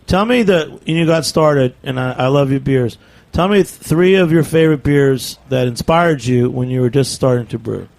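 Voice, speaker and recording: A man's voice: medium pitch, moderate pace, creaky, hardly any pauses, a little mellow. A man co-hosting a radio talk show, playfully teasing the guest and cutting in often. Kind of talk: casual radio chat.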